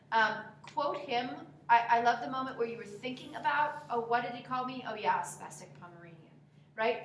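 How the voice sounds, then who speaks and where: Woman coaching actors in an echoey room. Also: a little high. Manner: direct, coaching, demonstrates lines aloud. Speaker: acting teacher giving notes. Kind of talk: spoken critique of a scene. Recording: echoey room, faint background noise.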